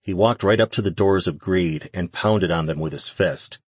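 A man narrating a fantasy audiobook in a steady, even reading. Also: low voice, normal speed, slightly rough, dry recording. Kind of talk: scripted narration.

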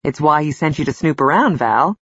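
A woman's voice: low-pitched, animated, fairly quick, husky, no room sound. A woman narrator voicing a confident man who explains a theory to friends. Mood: assured. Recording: slightly dull, dry studio recording.

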